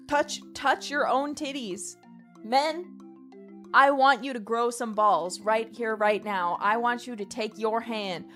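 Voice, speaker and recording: A woman livestreamer rambling playfully and loudly to her chat. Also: on the high side.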